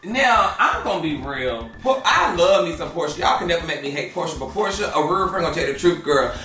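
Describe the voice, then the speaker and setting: Sassy and exclamatory, this gossip-show host laughs often as he delivers casual drama commentary in a fairly high, sharp, expressive voice at a fairly quick clip. The room is echoey, he sits far from the mic, and faint music plays.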